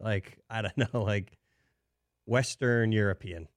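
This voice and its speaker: A young man on a casual show, telling stories in a relaxed way and laughing often. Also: lowish voice, slow pace, no echo, clean studio sound. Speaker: show regular. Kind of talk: casual chat.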